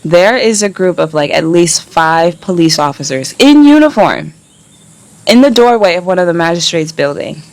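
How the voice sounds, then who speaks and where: A woman's voice: fairly low pitch, animated, moderate pace, no room sound. A young woman from the United States talks straight to the camera in a candid travel vlog. She is blunt and exasperated, swearing freely as she recounts her experiences, and she slips into mocking voices of the men who catcalled her.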